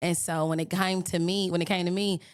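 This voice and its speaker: A woman from Birmingham, Alabama, with a mild Southern accent, telling stories as a podcast guest in a lively, animated way. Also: fairly low pitch, clear, resonant tone. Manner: animated storyteller, lively and quick to laugh. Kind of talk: casual interview chat.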